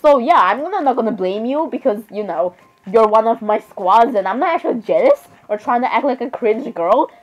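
A woman's voice: a little high, lively intonation, brisk, muffled recording, faint music behind. A woman giving casual let's-play commentary on a horror game. She is chatty, giggles often, apologizes a lot and talks to the game characters. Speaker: gamer playing a horror game.

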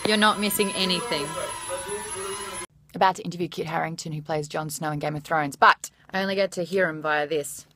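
A woman's voice: lowish voice, noisy background. An Australian woman hosting geek culture content, talking in playful, jokey, self-mocking comedy clips. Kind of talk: comedic short vlog clips.

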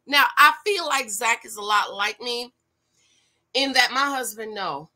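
A woman's voice: on the high side, unhurried, bright, forceful tone. A woman from Jamaica, chatting sassily as she recaps a reality show for her viewers. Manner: chatty, sassy, laughs and asks viewers questions. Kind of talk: casual reaction commentary.

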